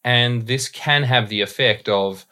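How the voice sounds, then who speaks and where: A man's voice: mid-range voice, unhurried, sharp tone. A man with an Australian accent, a voice and dialect coach explaining things thoughtfully in a podcast interview. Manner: thoughtful, explanatory, uses images and examples.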